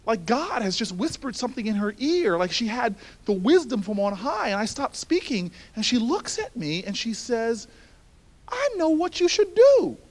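A man telling a personal story in a speech, animated and building to shouts, then turning hushed and earnest. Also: high voice, normal speed, few pauses. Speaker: speaker addressing a university audience.

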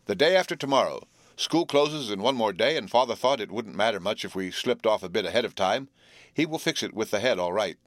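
A man's voice: on the low side, animated, a little fast, dry recording, close to an everyday voice. A man voicing an earnest teenage boy who leads his friends and explains the trip plans, in a dry storybook reading. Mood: explaining. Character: eager teenage boy, trip leader, steady.

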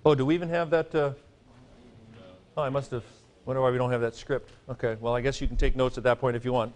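A man's voice: mid-range voice, steady tone, fast talker, darkish tone, slight background noise. A man giving a classroom lecture as a teacher, talking conversationally and often checking in with "okay?" and light asides. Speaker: Greek teacher.

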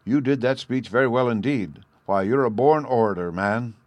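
A man voicing a thin, crafty, mean official who flatters slyly. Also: mid-range voice, normal speed, no echo, natural voice. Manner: sly, flattering.

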